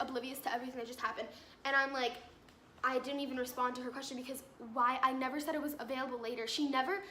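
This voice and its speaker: Teen girl vlogger, high bright voice, exasperated storyteller, echoey room. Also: a little hiss or hum. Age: teens. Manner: exasperated, filler-heavy retelling. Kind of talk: storytime vlog. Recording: roomy echo with faint ambience.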